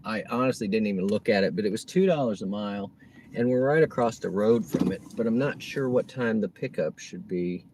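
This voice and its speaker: A man with a lowish voice chats casually on a livestream from behind the wheel, reading out comments and muttering to himself between pickups. Road and engine noise hum clearly under his voice inside the car. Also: a little fast. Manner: chatty, reads chat aloud, talks to himself. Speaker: rideshare driver livestreaming. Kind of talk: casual livestream chat while driving.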